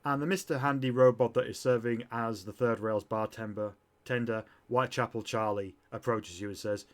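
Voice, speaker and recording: A man narrating as game master in a tabletop role-playing game, with a relaxed, chatty delivery. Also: medium pitch, normal speed, few pauses.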